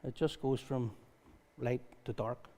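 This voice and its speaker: A man preaching a conversational sermon at a church service, reading scripture and telling stories in a lively way. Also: mid-range voice, unhurried. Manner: lively storytelling, reads scripture aloud. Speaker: pastor.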